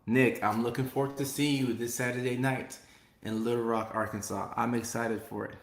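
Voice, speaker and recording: A man hosting a live stream, chatting upbeat and repeating phrases as he reads viewer comments. His voice sits in a middle pitch. The room around him gives it a noticeable echo. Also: little pitch movement, normal speed. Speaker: host.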